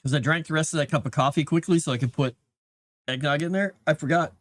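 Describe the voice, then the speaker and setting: A man's voice: fairly high pitch, fast talker, no echo. A man rambling casually on a livestream, chatting to his cat between thoughts.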